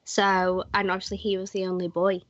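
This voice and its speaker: A young woman co-hosts a podcast, chatting casually and telling a trip story, often acting out quoted dialogue. Her mid-range voice is fairly quick, a bit bright, and monotone. The recording is dry and slightly muffled, typical podcast audio.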